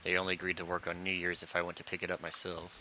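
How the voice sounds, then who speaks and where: A man's voice: low voice, monotone, rapid-fire, pushed and bright, slight background noise. A man reading visual novel dialogue aloud, voicing every character himself and acting out the stammers. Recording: dull lo-fi recording.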